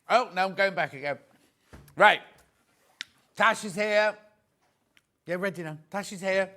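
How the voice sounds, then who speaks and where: A man's voice: high-pitched, unhurried, long pauses, bright, forceful tone. An older man hosting a live shopping show, chatty and jokey with grumbling asides. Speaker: shopping channel host.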